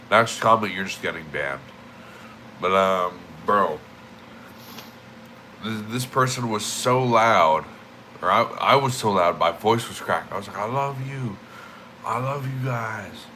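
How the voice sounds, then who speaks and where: Low-voiced, rambling, profane young man streaming. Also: a little slow, pushed and bright, a little hiss or hum, poor audio. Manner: rambling, profane, emphatic with repeated words. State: just woke up. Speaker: livestreamer. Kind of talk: casual streaming rant.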